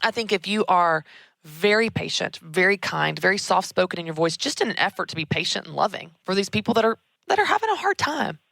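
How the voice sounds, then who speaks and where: A woman, hosting a show and giving emphatic, animated career advice. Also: medium pitch, brisk, vocal fry, no room sound. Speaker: podcast host. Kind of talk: conversational advice.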